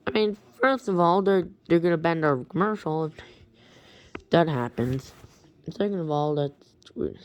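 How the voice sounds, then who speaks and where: A woman casually retelling a strange story, halting often and restarting her sentences. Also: low-pitched. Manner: halting, with many restarts and repeated words.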